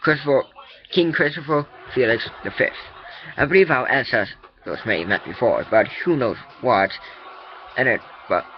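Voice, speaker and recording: A man's voice: medium pitch, normal speed, highs cut off, natural voice. A man voicing a foreign king who proposes a military alliance, read formally with many restarts.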